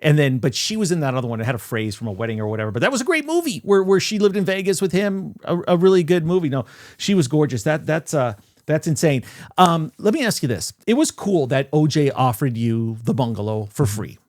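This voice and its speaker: A man's voice: on the high side, big pitch swings, fairly quick, darkish tone, no room sound, clean studio sound. A man hosting an interview, asking long, loose questions and chiming in with agreement. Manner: chatty, loose questions with frequent backchannels. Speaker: host. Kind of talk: casual interview.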